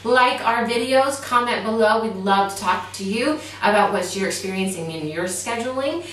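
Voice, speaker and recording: A woman's voice: medium pitch, expressive, moderate pace, fairly bright tone. A woman co-host speaking encouragingly as she closes out a casual chat. Her voice sits well back from the mic in a strongly echoing room. A faint background hiss lingers. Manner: encouraging, affirming listener. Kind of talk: casual chat and show sign-off. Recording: echoey room, mic at a distance, faint noise.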